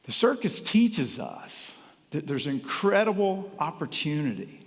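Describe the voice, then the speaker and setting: A man with a North Carolina accent giving a motivational keynote talk, animated and acting out the voices of his audience. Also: a little high. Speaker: keynote speaker. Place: conference hall before a live audience. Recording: reverberant hall.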